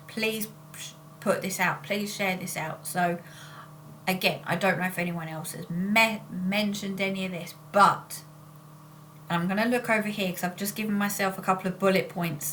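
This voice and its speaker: A woman's voice: mid-range voice, fairly bright tone, a little hiss or hum. Rambling woman vlogging. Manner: rambling and self-interrupting. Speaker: spiritual channeler and vlogger. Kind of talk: casual chat.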